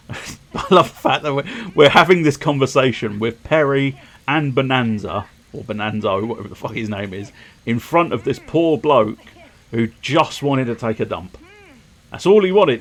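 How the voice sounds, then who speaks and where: A man's voice: medium pitch, very animated, normal speed. A man casually commentating a video game stream, crude and jokey. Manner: crude, jokey, laughs a lot.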